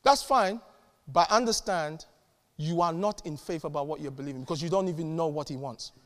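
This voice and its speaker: Man, pastor, fervent sermon, high-pitched, long hall reverb. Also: a little fast. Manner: fervent preaching with sudden loud peaks and quiet asides. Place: church.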